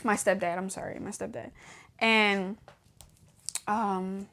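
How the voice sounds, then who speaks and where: A woman's voice: mid-range voice, little pitch movement, slow, fairly bright tone. Young woman, podcast host, casual testimony storyteller who acts out old dialogue with laughs. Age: young adult. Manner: casual, laughs often, acts out her own past dialogue.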